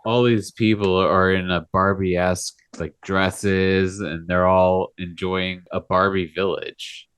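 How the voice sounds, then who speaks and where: Game-master man, slow and animated, dry sound. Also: low-pitched, clean tone, no echo. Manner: giggly, laughs between lines. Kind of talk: narrating a tabletop game.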